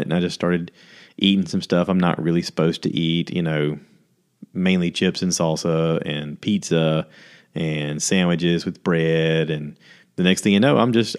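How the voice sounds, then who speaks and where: A man hosting his own podcast, talking candidly and a little rambling in a self-deprecating, casual way. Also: deep voice. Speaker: podcast host. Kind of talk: casual solo podcast monologue.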